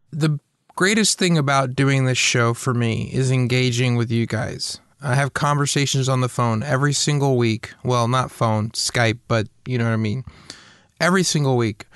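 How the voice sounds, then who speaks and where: Male podcast host, mid-pitched, candid, loose casual read, dry booth sound. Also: a bit bright, clear, resonant tone, no echo. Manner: candid, swears casually, stumbles and repeats words.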